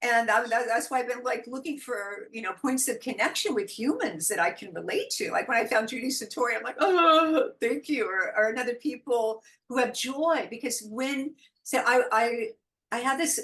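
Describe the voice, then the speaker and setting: A middle-aged woman from the United States, a guest telling spiritual stories in casual interview chat, animated and quick to laugh. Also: fairly high pitch, rough recording. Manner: animated storytelling, frequent laughs, acts out quoted voices. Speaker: guest, intuitive guide.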